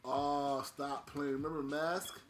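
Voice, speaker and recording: A man's voice: fairly high pitch, level tone, takes it slowly, a crowd in the background. A man in casual chat with a friend, laid-back and slangy, laughing often.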